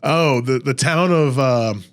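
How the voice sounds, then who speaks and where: A man's voice: mid-range voice, slow. A man from Louisiana hosting a casual podcast chat, explaining local history and pronunciations at length. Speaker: podcast host.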